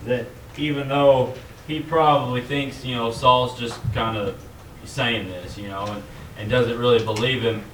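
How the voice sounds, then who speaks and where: A man's voice: medium pitch, fairly even intonation, measured pace, fairly bright tone, a little hiss or hum. A man in a study group sharing a thought, hesitant and thinking aloud. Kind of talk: group discussion. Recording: echoey room, far from mic.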